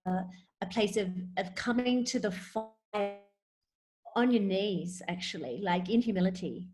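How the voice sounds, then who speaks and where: A woman guest in a spiritual conversation, speaking in halting, searching phrases and often repeating words as she finds them. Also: mid-range voice, a little mellow, soft background music.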